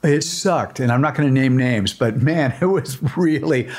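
Man telling relaxed stories. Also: mid-range voice, normal speed. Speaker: guitarist. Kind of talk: casual chat.

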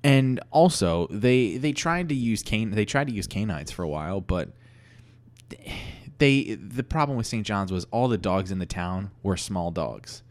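A man co-hosting a comedy podcast, improvising a story with a rambling, halting delivery full of restarts. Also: on the low side, animated. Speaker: podcast co-host.

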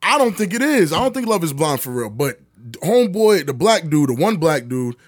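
A man co-hosting a podcast in casual chat, animated and swearing, slipping into quoted voices. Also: on the high side, brisk. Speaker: podcast co-host.

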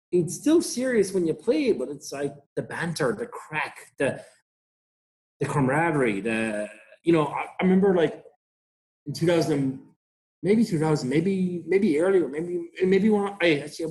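A middle-aged man with an Irish accent rambles through his stories with plenty of swearing and easy laughter. His voice sits at an ordinary middle pitch. He talks loosely, in a casual interview. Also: darkish tone. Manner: rambling, profane, laughs often. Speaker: interview guest, rugby club founder.

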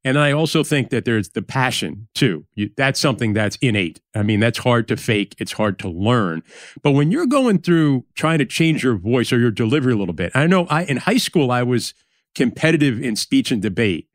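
Man from Yonkers, New York; podcast host, reminiscing storyteller, medium pitch, dry close sound. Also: sing-song, moderate pace, dry recording. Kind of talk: podcast conversation.

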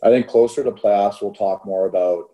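A man, a former hockey player co-hosting a casual chat, telling animated stories and acting out quotes. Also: fairly low pitch, normal speed, rough recording. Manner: animated storyteller, laughs often, acts out quotes.

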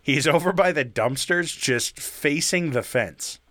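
A man's voice: a little high, expressive, measured pace, fairly bright tone, no room sound, clean studio sound. A young man on a podcast telling a story in a casual, rambling way, full of fillers and swearing.

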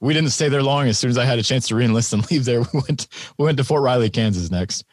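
A man's voice: mid-range voice, quick pace, no room sound, studio quality. A man in his thirties, a podcast guest, telling stories in a laid-back, wry way and laughing often. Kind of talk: casual conversational storytelling.

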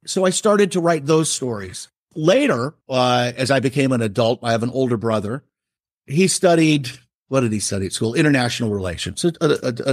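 A man's voice: on the high side, dry recording, studio quality. A middle-aged man, a writer, telling a family story in a casual, rambling way. He interrupts himself often and acts out what others said.

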